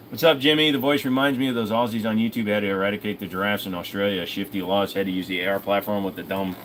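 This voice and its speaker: A man's voice: lowish voice, fairly bright tone, slight background noise, rough recording. Casual, profane male streamer. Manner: profane, offhand, reads viewer comments aloud and answers. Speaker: host. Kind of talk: casual livestream Q&A.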